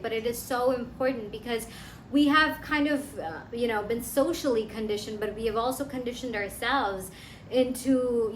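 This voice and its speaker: A woman's voice: fairly high pitch, slight background noise. Earnest woman coach in an echoey room. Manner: earnest, conversational, repeats herself. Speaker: self-help coach. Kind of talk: instructional talk to camera. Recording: echoey room with faint ambience.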